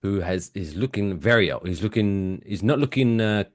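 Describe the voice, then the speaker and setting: Male podcast co-host, low voice, lively swooping delivery. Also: moderate pace. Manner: animated storyteller, loud bursts of excitement. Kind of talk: casual chat.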